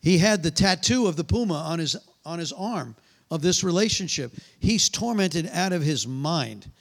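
A middle-aged man preaching, telling animated stories and acting out the voices, often trailing off mid-sentence. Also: on the high side, normal speed. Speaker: pastor. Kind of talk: sermon with storytelling and prayer.

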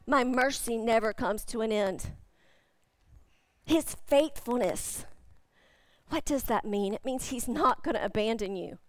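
A woman pastor delivers a sermon in a high voice, hammering home her main lines by repeating them. The sound is dry and close, with no room echo. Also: a little slow, long pauses. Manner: emphatic, repeating key phrases.

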